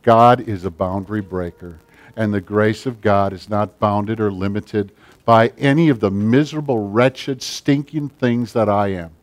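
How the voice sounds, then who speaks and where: A man, a pastor, preaching a sermon and leading a closing prayer, his emphatic delivery swinging from loud to hushed. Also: on the low side, a little slow. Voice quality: big build, speaks plainly.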